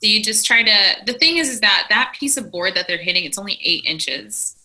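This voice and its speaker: A young female athlete as a podcast guest, walking the hosts through her event in a plain, matter-of-fact way. Her voice is very bright and sharp, with an ordinary pitch for a woman. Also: lively intonation, brisk. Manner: clear, matter-of-fact explaining. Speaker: guest athlete, triple jumper. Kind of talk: explaining in casual chat.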